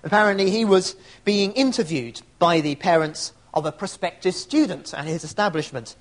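A man's voice: high voice, moderate pace. A man preaching an evening sermon, reflective and asking rhetorical tag questions.

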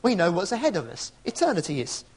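A man's voice: sits high, huge pitch swings, fast, husky. Guy preaching, voice rises and falls a lot, asks questions back at the room. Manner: reflective, with rhetorical tag questions and restarts. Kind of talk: evening sermon.

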